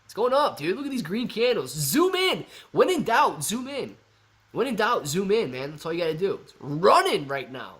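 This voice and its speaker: A young man hosting a casual live stream, reading viewer chat aloud in an excitable, chatty way and calling people bro and man. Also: sits high, normal speed. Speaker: livestream host reading chat.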